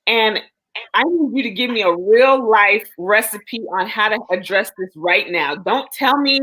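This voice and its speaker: A woman's voice: medium pitch, animated, measured pace, fairly bright tone, poor audio. A woman in a casual, supportive chat, talking earnestly and at length to reassure a friend.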